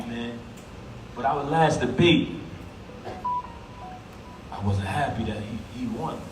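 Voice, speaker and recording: A man's voice: lowish voice, unhurried, long pauses. New York man giving an emphatic eulogy. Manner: emphatic, street-casual, talks straight to the crowd. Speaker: eulogy speaker at a funeral. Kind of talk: heartfelt eulogy speech. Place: funeral service in a large echoey hall. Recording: echoey hall from far off, noisy.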